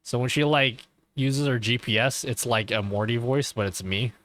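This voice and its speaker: A livestreamer with a medium-pitched voice talks at a moderate pace, rambling and swearing as he chats casually and keeps checking in with viewers by asking "okay." The audio is a bit bright, with no echo.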